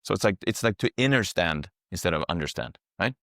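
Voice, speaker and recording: A man's voice: sits low, lively intonation, fast talker, fairly bright tone, no room sound, clean studio sound. A man working as a psychedelic guide, talking casually on a podcast, explaining things through long rambling metaphors and swearing freely.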